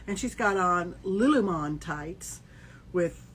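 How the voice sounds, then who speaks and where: Animated middle-aged woman telling a story. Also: on the low side, slow, slight background noise. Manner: animated storyteller, acts out quotes, laughs often. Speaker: podcast co-host. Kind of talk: casual chat.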